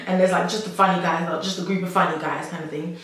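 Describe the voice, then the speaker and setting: A young woman talks straight to camera in a rambling, chatty way, leaning on "like" and slipping in nervous laughs. Her voice sits slightly low, and the sound bounces around a very echoey room. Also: steady tone, quick pace. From South London. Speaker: vlogger. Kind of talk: personal storytelling to camera. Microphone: camera mic.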